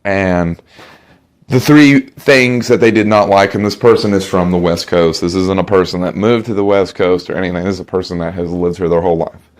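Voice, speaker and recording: A man's voice: deep voice, fairly even intonation, a little fast. A male stand-up comedian telling rambling, profane stories in a comedy set.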